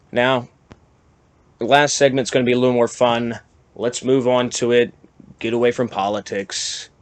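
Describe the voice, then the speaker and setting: Male podcast host, mid-pitched, rambling and self-deprecating, gets animated when worked up. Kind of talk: casual monologue.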